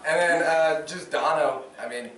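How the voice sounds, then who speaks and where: A man's voice: a little high, measured pace. Teen baseball guy joking around, laughing a lot, far off mic, roomy echo. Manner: laughing, animated storytelling. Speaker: high school baseball player. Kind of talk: casual joking interview. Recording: echoey room, distant mic, light noise.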